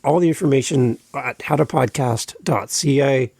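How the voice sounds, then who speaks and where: Earnest gravelly-voiced male podcast host. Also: mid-range voice, moderate pace, darkish tone, no room sound, clean studio sound. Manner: earnest, encouraging, repeats himself. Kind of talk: casual solo podcast talk.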